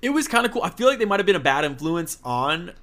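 A man's voice: sits high, quick pace. A man with a slightly raised voice talks through a game recap in a loose, joking way. He chats animatedly with his co-host and drifts into playful asides. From Italian heritage. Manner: animated, jokey, slips into mock voices. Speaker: podcast co-host. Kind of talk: casual chat recapping a game playthrough.

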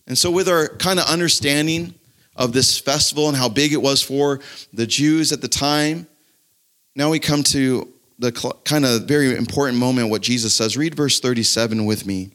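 A man preaching a sermon in a relaxed, conversational way, reading scripture aloud to his congregation. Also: a little high. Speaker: pastor.

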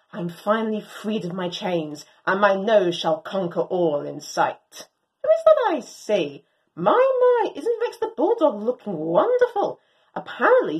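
A woman reading a story aloud and voicing a proud, excitable female Doberman dog. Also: medium pitch. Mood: swaggering. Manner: animated, swooping, theatrical.

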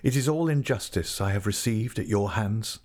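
A man's voice: on the low side, moderate pace, darkish tone, natural voice. A man reading an audiobook and voicing a proud, wounded young country woman in a raised voice, pleading and defiant by turns. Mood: bitter. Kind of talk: audiobook character voice.

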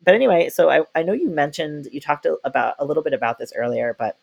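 A man's voice: on the high side, lively intonation, fast talker, vocal fry, slightly rough. A young adult man hosting a podcast, talking casually with lots of fillers and frequent laughter. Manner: chatty, laughs often, many fillers. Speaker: podcast host. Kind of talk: casual conversation.

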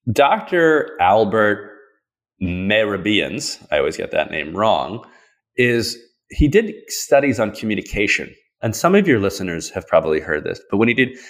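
Animated, low-voiced man explaining casually. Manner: lively, playful, slangy. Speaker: podcast guest, trauma practitioner.

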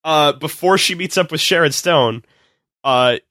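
A man, a podcast guest, retelling a film's plot in casual, animated, swearing chat. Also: a little high, measured pace, dry recording, clean studio sound. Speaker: podcast guest recapping a film.

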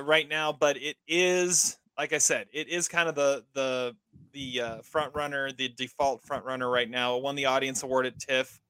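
A man's voice: mid-range voice, bright, forceful tone, clean tone, dry recording, clean studio sound. A man hosting a casual movie podcast and running a trivia quiz. He often stumbles and repeats words as he talks. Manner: halting, repeats words while talking.

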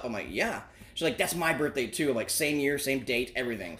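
A man's voice: mid-range voice, expressive, brisk, a bit bright. A man in his forties telling a long personal story in casual, profane chat, rambling, laughing often and acting out the voices of the people in it.

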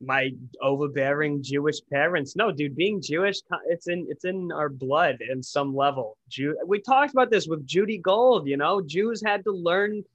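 A man's voice: a little high, expressive, moderate pace, few pauses, dull audio. A man co-hosting a podcast in casual chat, ranting bluntly and swearing freely. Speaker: podcast co-host.

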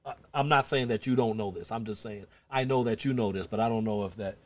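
A man hosting a casual podcast, telling animated stories with stammering restarts. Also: fairly low pitch, fast, dry recording. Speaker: podcast host.

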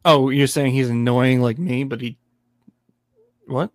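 A man's voice: mid-range voice, fairly even intonation, a little slow, no echo, studio quality. A man in a casual podcast chat, talking bluntly with cocky cursing.

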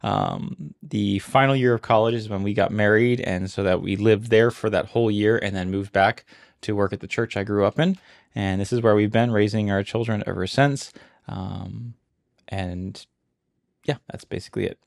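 A man's voice: lowish voice, steady tone, moderate pace, creaky. A man in his thirties from Hawaii, co-hosting a casual podcast chat in a joking, teasing way. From Honolulu, Hawaii. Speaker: podcast co-host.

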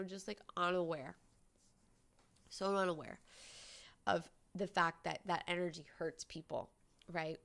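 Woman host, low-pitched, gravelly but smooth voice, candid chatty storytelling with lots of "like". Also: steady tone, unhurried, pauses often, a bit bright. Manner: candid, conversational, many "like" fillers. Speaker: podcast host. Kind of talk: personal storytelling monologue.

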